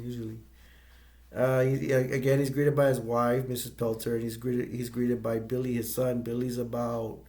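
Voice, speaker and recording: A man giving a casual movie review, retelling the plot in a rambling, halting way with many restarts. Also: medium pitch, dark tone.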